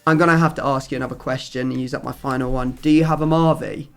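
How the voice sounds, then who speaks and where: A man's voice: mid-range voice, steady tone, fast talker, clear, resonant tone. A man hosting a gaming video, chatting casually and rambling through his explanations with plenty of fillers. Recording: music playing faintly behind.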